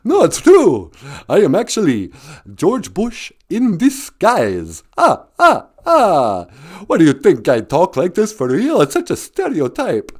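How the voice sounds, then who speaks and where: A man voicing a pompous vampire count with a high, booming, drawn-out delivery that cackles. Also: huge pitch swings, a little mellow, exaggerated voice. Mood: boastful.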